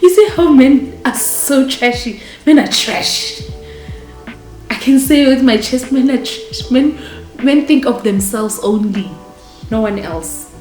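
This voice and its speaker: A woman's voice: sits high, takes it slowly. Indignant woman vlogger. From South Africa. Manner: animated, indignant, addresses viewers directly. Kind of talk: storytime vlog. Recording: echoey room with faint music.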